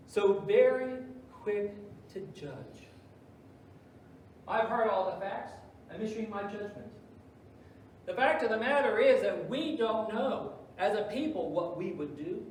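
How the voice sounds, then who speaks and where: A man preaching a sermon as pastor, swinging between loud emphasis and hushed asides. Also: high voice, heavy reverb, distant mic, a little hiss or hum, rough recording. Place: church sanctuary.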